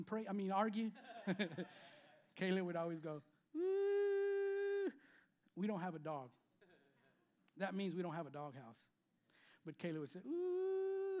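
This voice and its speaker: Emphatic high-voiced pastor. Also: male voice. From Spanish-speaking background. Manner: emphatic, repeats phrases, swings between loud and quiet. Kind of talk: sermon. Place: church sanctuary.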